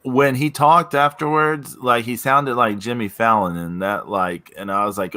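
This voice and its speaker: A man hosting a casual wrestling podcast, hesitant and full of fillers, trailing off quietly. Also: medium pitch, fairly even intonation, unhurried. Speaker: podcast host.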